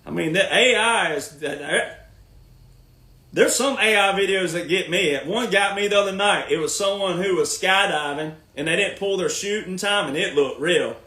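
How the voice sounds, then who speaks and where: A man's voice: high-pitched, moderate pace, sharp tone, roomy sound. A man hosting a podcast, ranting casually in an emphatic, sarcastic, lecturing way. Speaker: podcast host.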